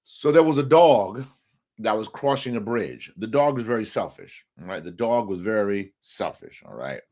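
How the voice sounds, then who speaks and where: A man's voice: lowish voice, expressive, normal speed, darkish tone. A man hosting a live relationship show, talking emphatically and often asking the viewers questions. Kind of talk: live talk on marriage, preacher-like.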